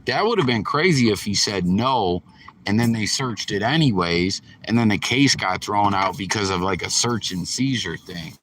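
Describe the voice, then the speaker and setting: A low, bright-toned man riffs on a video in loose, profanity-laced commentary. He rambles and talks straight to his audience like a friend, with a faint hiss behind him. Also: expressive, normal speed. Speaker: host. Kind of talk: casual reaction commentary.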